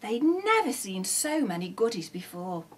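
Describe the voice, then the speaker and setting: A woman's voice: mid-range voice, sing-song, normal speed, slightly rough. A woman, a teacher reading a rhyming children's book aloud in a sing-song storytelling manner.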